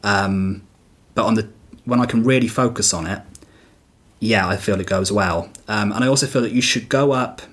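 Male comic, husky and lowish, loose reflective podcast talk. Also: moderate pace. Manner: reflective, rambling with fillers and restarts. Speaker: stand-up comedian guest. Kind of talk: casual podcast chat.

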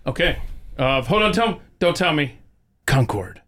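A man's voice: a little high, lively intonation, moderate pace, bright, forceful tone, dry recording. A man hosting a podcast interview and reading an ad, joking about his own slips. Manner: self-deprecating, laughs at own slips. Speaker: podcast host.

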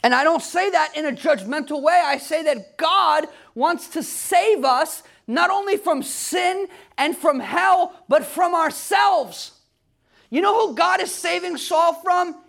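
A preacher delivers his sermon in an emphatic way, his voice rising to shouts at its peaks. His voice sits high for a man and carries a gravelly edge. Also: takes it slowly.

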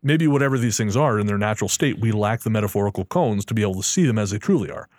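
A man's voice: lowish voice, animated, very fast, a little mellow, no room sound, studio quality. A man co-hosting a podcast, reasoning aloud and chatting casually. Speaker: podcast co-host. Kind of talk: casual chat.

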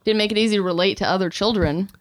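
A woman hosting a podcast, talking in an easygoing, reflective way and laughing along with her guest. Her voice sits in a middle pitch and sounds dry and close to the mic. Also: rapid-fire, dry recording. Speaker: podcast host. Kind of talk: casual conversation.

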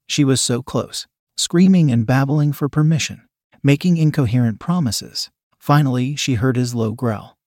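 A man's voice: mid-range voice, moderate pace, a little mellow, no room sound, studio quality. Man narrating an adult story.

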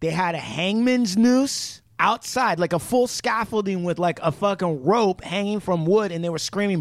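A man's voice: sits high, moderate pace, hardly any pauses, dry recording. A man hosting a podcast, explaining things in a rambling, profane, casual way full of "like" and "you know". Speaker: podcast host. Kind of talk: casual chat.

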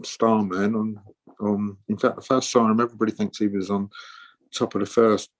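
A man's voice: on the low side, little pitch movement, moderate pace. A man in his sixties, a musician guest telling rambling stories and acting out the voices of people he quotes. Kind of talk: casual interview storytelling.

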